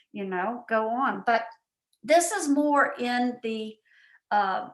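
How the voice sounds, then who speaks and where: Woman coach, team-call talk, chatty and animated, voice a bit high. Roomy, echoey audio. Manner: animated and chatty, many asides. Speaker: guest speaker and coach. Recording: roomy echo.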